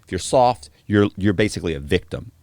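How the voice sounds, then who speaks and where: A man's voice: low-pitched, fairly quick, a little hiss or hum. A man telling stories in a casual podcast chat, acting out the other people's lines as he quotes them. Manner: animated, acts out quoted dialogue. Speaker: podcast guest, former prisoner. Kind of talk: casual storytelling.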